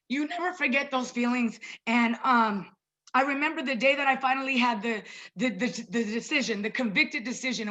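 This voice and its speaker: A woman's voice: high voice, bright, forceful tone, muffled recording. A woman in her thirties giving a casual, chatty online presentation as a wellness coach, talking personally to her listeners as "you guys.". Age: 30s. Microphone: video call.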